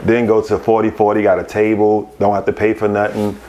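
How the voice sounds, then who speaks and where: A man, a podcast guest, telling casual stories, animated and laughing as he acts out other people's voices. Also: on the low side, fairly quick, a little hiss or hum. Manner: animated, laughs through his anecdotes. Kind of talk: casual storytelling.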